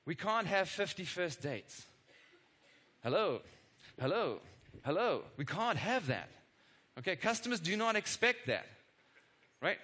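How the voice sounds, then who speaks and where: Bright-voiced energetic male keynote presenter. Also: high-pitched, a little slow. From not from the United States. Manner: energetic, keeps checking in with tag questions; self-deprecating asides to the audience. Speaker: conference presenter. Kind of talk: live product demo keynote. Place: conference stage before a live audience.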